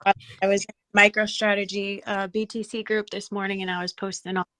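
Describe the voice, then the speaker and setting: A woman's voice: mid-range voice, level tone, a little fast, bright, forceful tone. A woman joining a live audio chat as a guest, talking casually and easygoing.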